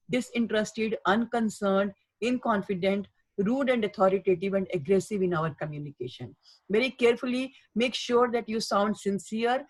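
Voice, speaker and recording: A woman delivers a webinar talk on workplace communication, pressing her points with earnest repetition and long lists of qualities. Her voice sits at an ordinary middle pitch for a woman and comes through a webinar microphone. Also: poor audio. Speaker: healthcare communication trainer. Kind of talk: webinar lecture.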